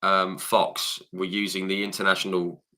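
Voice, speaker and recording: Bright-voiced man telling a story. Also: low voice, level tone, normal speed. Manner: chatty storyteller, acts out quoted dialogue. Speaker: podcast host. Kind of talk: casual podcast chat.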